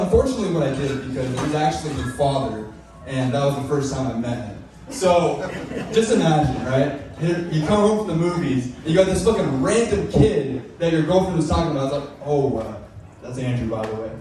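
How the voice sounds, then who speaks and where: A man's voice: medium pitch, dark tone. A young man doing a stand-up set at an open mic, telling an embarrassing story with loose, profane rambling and many fillers. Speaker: stand-up comedian. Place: small club at an open mic night. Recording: echoey club from far off.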